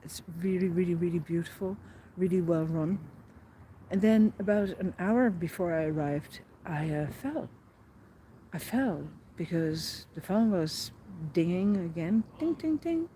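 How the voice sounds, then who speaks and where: A woman with a slightly low, mellow voice talks through her pilgrim's diary in an earnest, rambling way, full of fillers and restarts. A faint hum of background noise sits under the recording. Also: unhurried. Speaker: pilgrim vlogger. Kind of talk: reflective personal diary vlog.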